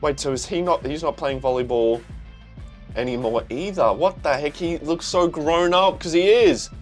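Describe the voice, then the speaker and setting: Excitable young Australian guy reacting. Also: on the high side, moderate pace, soft background music. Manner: excitable, swears, says "bro" a lot. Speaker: manga reaction channel host.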